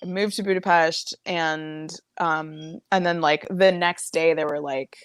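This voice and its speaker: A woman's voice: low-pitched, fairly even intonation, unhurried, clean tone, no echo, clean studio sound. A woman chatting as a guest, rambling with lots of fillers and restarts. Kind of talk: casual chat.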